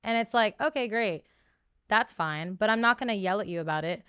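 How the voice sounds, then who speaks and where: A young woman in her twenties telling stories as a podcast guest, animated and profane, jumping up in pitch and volume when she acts out quotes. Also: brisk, clean tone, no echo. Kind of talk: candid storytelling interview.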